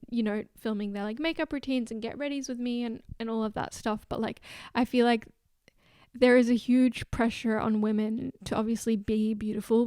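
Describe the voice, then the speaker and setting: A woman's voice: a little high, a little mellow, dry recording, clean studio sound. A woman in her twenties talking casually and openly to camera, rambling and filling her sentences with "like". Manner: rambling, fills with "like" constantly; earnest, emotionally open. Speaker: vlogger. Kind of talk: casual confessional talk to camera.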